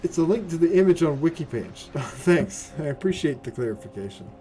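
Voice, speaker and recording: A man's voice: on the high side, fairly quick. A man casually commenting on a game as he streams it, cursing freely, talking to his chat and tagging "right?" onto his sentences. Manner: profane, excitable, talks to chat, keeps asking "right?".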